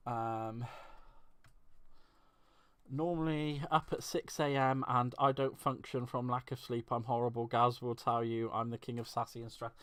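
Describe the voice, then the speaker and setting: This man's medium-pitched voice is clear, resonant and fairly bright, though his delivery is flat and unhurried. Hosting a crafting stream, he rambles chattily, pokes fun at himself and works through the chat, answering comments.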